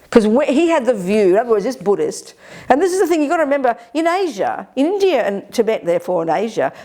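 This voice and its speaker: An older woman giving a Buddhist teaching at a retreat, animated and emphatic, slipping into other people's voices when she quotes them. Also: fairly high pitch. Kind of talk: Dharma talk at a retreat.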